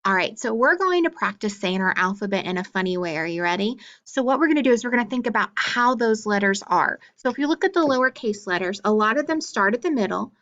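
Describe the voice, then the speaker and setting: Casting note: woman, children's phonics teacher, slow patient delivery, a bit high-pitched, dull lo-fi recording. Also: expressive, a bit bright. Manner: slow, drawn-out teacher talk, exaggerated syllables. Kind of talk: video phonics lesson for young children. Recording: dull lo-fi sound.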